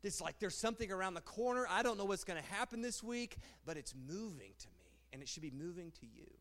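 High-voiced man preaching in a hall. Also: fast talker. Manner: animated, rhetorical, repeats phrases. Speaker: pastor. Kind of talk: sermon. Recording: long hall reverb.

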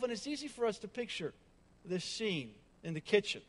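High-voiced preacher in a reverberant hall. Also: male voice, big pitch swings, moderate pace, a bit bright. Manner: emphatic, repetitive, with conversational asides. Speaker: pastor. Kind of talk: sermon.

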